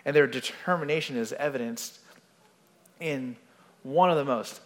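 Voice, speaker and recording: A man's voice: mid-range voice, brisk, long reverb tail. A male pastor giving an expository sermon in a conversational way, often checking in with "right?".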